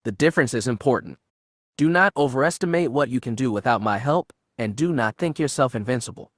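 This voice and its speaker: Man doing ancient sith spirit, archaic accent, quiet hiss, contemptuous, dry close sound. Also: medium pitch, expressive, a little fast, no room sound, lightly acted. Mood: cold. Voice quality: quiet, hissing.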